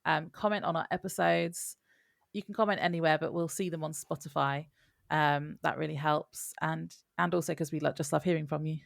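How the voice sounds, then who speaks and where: A woman's voice: low voice, fairly even intonation, fairly quick, vocal fry, no room sound, studio quality. A woman co-hosting a podcast in casual chat, giggling and tripping over her words. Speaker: podcast co-host.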